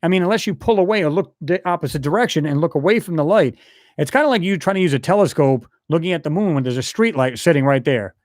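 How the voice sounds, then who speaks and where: A man's voice: a little high, expressive, fast talker, a little mellow, dry recording, clean studio sound. A man hosting a live stream, chatting loosely and rambling as he reads out viewer comments. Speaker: channel host answering live chat. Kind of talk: casual live-stream chat.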